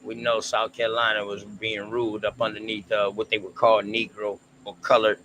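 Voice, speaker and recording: A man with a bright, forceful voice co-hosts a relaxed history stream. He talks in slang and draws out his thoughts, with faint noise underneath. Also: on the low side, rough recording. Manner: laid-back, slangy, drawn-out. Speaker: co-host. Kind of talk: casual history discussion stream.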